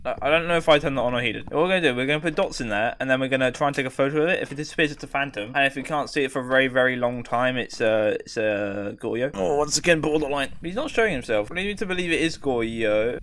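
A man's voice: medium pitch, fast talker, few pauses, fairly bright tone. A young man giving jittery, jokey commentary while playing a horror game, often talking to himself. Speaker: gaming streamer. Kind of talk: live gameplay commentary.

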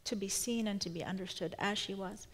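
A woman's voice: mid-range voice, brisk, husky. Thoughtful woman novelist talking onstage. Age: 30s. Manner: thoughtful, searching, many restarts. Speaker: novelist guest. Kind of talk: live onstage conversation.

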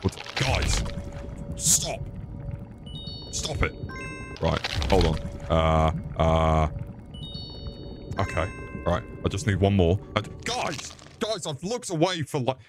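A British man streaming a horror game, swearing and yelling at his chat in exclamatory bursts. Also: sits low, sing-song, slow pace, pauses often, music in the background. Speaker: gaming streamer. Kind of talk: live gameplay commentary.

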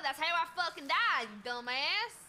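A woman's voice: high voice, animated, moderate pace, pushed and bright, a little hiss or hum. A woman streaming a shooter game, chatting casually, thanking viewers and cursing bluntly. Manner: blunt and profane, thanks chat mid-game. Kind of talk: casual gaming stream chat.

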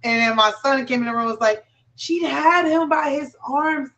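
A woman chatting casually as an interview guest, telling animated stories with laughs and restarts. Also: sits high, normal speed, recorded from a distance, dull audio.

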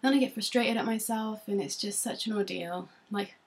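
A young English woman with a soft Norfolk accent talks casually to her computer webcam from a room at home. Her voice sits at an ordinary middle pitch. She rambles self-consciously and fills the gaps with frequent ums. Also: normal speed. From Norfolk, England. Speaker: beauty vlogger. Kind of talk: casual chat to camera.

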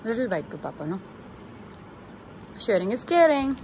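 Indian mother, high voice, coaxing tone. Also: sing-song, normal speed. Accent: Indian English. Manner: coaxing, soothing, laughs often, mixes English with Hindi. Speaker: vlogger mother. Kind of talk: casual family vlog. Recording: faint background noise.

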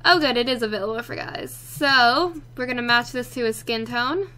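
Brief: high, bright woman narrating her gameplay, playful and chatty. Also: moderate pace. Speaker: let's play gamer. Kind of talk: casual gameplay commentary.

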